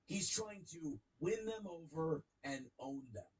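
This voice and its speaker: Guy lecturing on trolls, confident, a bit high pitched. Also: expressive, slow, low-quality recording. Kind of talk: casual chat.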